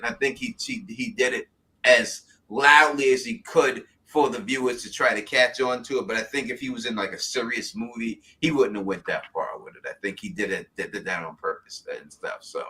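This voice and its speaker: A man with a New York accent, chatting loosely and animatedly about a show as host. His voice is bright and forceful. He chuckles often as he rambles on. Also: mid-range voice. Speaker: podcast host. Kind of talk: casual TV recap chat.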